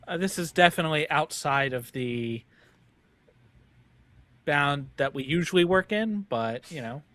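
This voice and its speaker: A man's voice: fairly high pitch, animated, a little slow, fairly bright tone, dry recording. A man playing a tabletop game, talking in a hesitant, wheedling way with many fillers. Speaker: player. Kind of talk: casual tabletop game chat.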